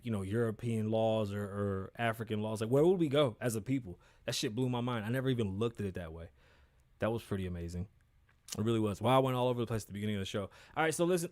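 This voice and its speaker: A man's voice: mid-range voice, a little mellow, no room sound. A man hosting his own podcast, talking in a blunt, profane and rambling way with frequent asides. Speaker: podcast host. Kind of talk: casual solo commentary.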